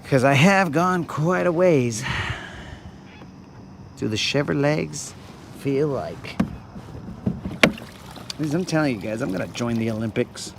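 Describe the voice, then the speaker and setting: A man's voice: medium pitch, expressive, slow pace, gravelly, long pauses, heavy background noise. A man hosting a fishing livestream, joking and rambling in slangy casual chat from a boat outdoors.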